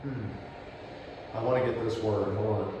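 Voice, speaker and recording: A relaxed man explains dog training as he works, often softening into quiet praise. He sounds set back from the microphone, with a lot of roomy echo and a faint ambient hum behind him. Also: on the low side, slow pace, highs cut off. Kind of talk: explaining while demonstrating. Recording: distant, roomy outdoor camera audio.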